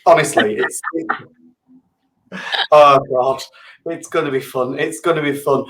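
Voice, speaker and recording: A chatty man hosts a live show, his voice swinging lively up and down as he rambles into self-mocking asides. He sits a touch high for a man, and the room around him is echoey. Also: normal speed. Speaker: show host. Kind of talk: casual live show chat.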